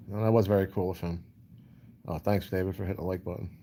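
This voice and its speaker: A man's voice: low voice, flat delivery, quick pace, warm tone, slight background noise. A man hosting a casual livestream, answering chat comments in a rambling way, full of "you know". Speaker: livestream host.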